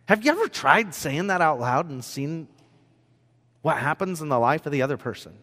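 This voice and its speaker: A male pastor delivering a sermon through personal stories, swinging between loud, animated moments and hushed ones. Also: on the high side, normal speed. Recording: long hall reverb.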